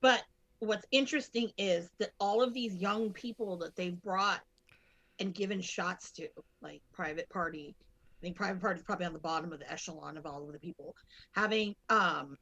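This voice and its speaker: A woman's voice: lowish voice, normal speed. Rambling woman in casual podcast chat. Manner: rambling, many fillers and restarts; bursts into loud excited shouting. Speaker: guest co-host.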